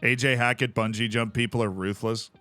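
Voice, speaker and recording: A man streaming a game, telling stories in a casual, animated way and laughing often. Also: medium pitch, a little fast, no echo, faint music behind. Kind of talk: casual chat while playing a game.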